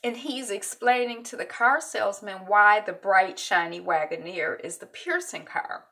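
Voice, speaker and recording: A woman's voice: mid-range voice, normal speed, bright, forceful tone. A woman recapping a TV episode in a chatty, emotional way, retelling scenes with quoted lines. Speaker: TV recap vlogger.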